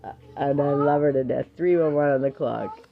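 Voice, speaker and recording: Woman, live streamer, low voice, firm patient mom, laughs often, dull lo-fi audio. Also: fairly even intonation, moderate pace, gravelly, faint music behind. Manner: firm, patient parenting voice between affirmations. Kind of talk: casual live stream reading affirmations.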